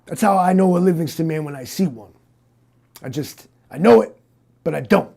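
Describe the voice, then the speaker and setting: A man doing a gravelly cyborg detective. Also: on the high side, expressive, normal speed, dark tone. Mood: conspiratorial. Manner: repeats the listener's name, drawling and rambling. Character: deadpan male cyborg detective, gruff, cocky, paranoid. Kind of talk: improvised comedy interrogation.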